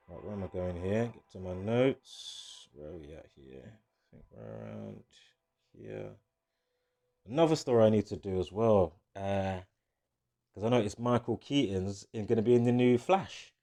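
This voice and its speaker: A man's voice: fairly low pitch, dark tone. A man, rambling casually and profanely through a video monologue, often stopping to correct himself. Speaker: video host. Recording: faint background music. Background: faint music.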